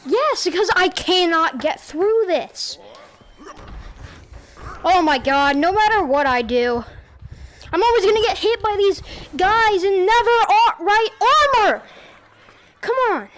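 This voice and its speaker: A very high-pitched woman gives casual gameplay commentary at home, her voice leaping up and down as she yells at the enemies in frustration. She talks through a headset over a faint hiss of home-recording noise. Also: lively intonation, measured pace, pauses often. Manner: frustrated, yelling at the game. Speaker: gaming YouTuber.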